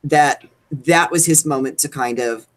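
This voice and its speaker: Low-pitched woman co-host, animated gossip rant, live show. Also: unhurried. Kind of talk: casual chat.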